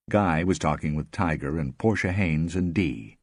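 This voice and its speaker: A man narrating an audiobook in a steady, expressive reading on a close mic. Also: very deep voice, moderate pace, no room sound. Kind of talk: scripted narration.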